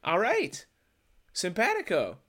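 A man co-hosting a podcast in casual chat, dropping quick deadpan jokes. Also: high voice. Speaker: podcast co-host.

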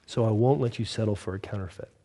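A calm, stern deity speaks in firm, measured, quiet words, as a preacher gives it voice. Each statement lands as a settled verdict. The tone is steady rather than loud. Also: male voice, lowish voice, pitched below the performer's own voice.

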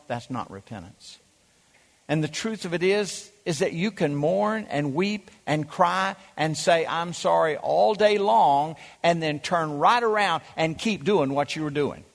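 High-pitched preaching man, slow and emphatic. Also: big-room sound. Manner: emphatic preaching with dramatic pauses and drawn-out words. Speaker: pastor. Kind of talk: sermon.

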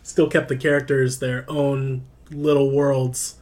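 A man's voice: medium pitch, flat delivery, slow pace, a little mellow. Thoughtful man in casual chat. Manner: thoughtful, hesitant with fillers. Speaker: podcast co-host.

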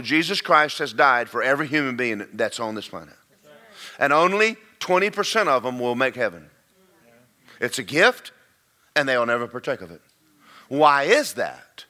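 A man preaching a folksy, emphatic sermon, slowing down to stress key words. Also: a little high, bright, forceful tone.

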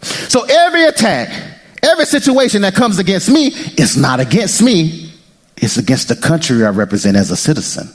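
A male pastor preaching an impassioned sermon, swinging from loud cries to near-whispers and breaking into prayer. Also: high-pitched, very animated, moderate pace. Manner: prays aloud mid-sermon.

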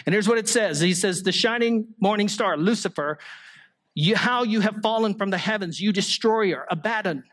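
A man's voice: sits high, normal speed, a bit bright. A male pastor delivering a sermon, explaining scripture through rhetorical questions and the occasional small joke.

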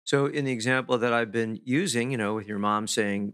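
Bright-voiced man giving a motivational talk. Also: mid-range voice, fairly even intonation. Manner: emphatic and deliberate, stressing key words with pauses.

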